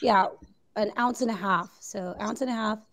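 A woman's voice: medium pitch, normal speed, gravelly, a bit bright. A woman with a New Zealand accent, co-hosting a podcast in casual chat, chatty and giggly with many fillers. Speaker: podcast co-host.

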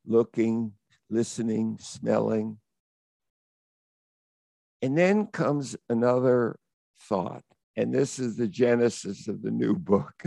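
In a creaky, medium-pitched voice, a middle-aged man from the United States shares an adventure anecdote as an interview guest. He's reflective and vivid, his energy climbing toward excitement, with no echo in the recording.

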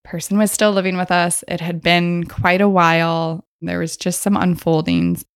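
Chatty woman podcast host with a lowish voice. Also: expressive, moderate pace, clear, resonant tone, dry recording, studio quality. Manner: chatty, laughs often while telling stories. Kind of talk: casual storytelling.

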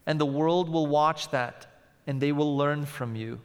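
A young man with a high voice preaches a sermon, telling personal stories in an animated way. He swings between loud passages and hushed, tender ones. His voice rings out in the long reverb of a large hall. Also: a little slow, smooth. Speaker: pastor.

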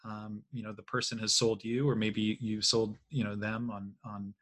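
Bright-voiced man hosting a casual interview. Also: on the low side, level tone, normal speed. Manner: rambling, many fillers and restarts, trails off quietly. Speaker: podcast host.

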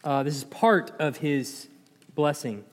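A man with a bright voice teaches Scripture in a loose, conversational way, tossing questions to his listeners. The sound carries a long, reverberant hall echo. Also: on the high side, takes it slowly. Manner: conversational, quizzes the audience, chuckles. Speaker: Bible teacher. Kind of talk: informal Bible teaching.

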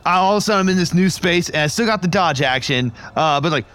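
Lively excitable man playing a tabletop game. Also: high-pitched, fast talker, slight background noise. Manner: excitable, swears freely, laughs often. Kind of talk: casual game-night chat.

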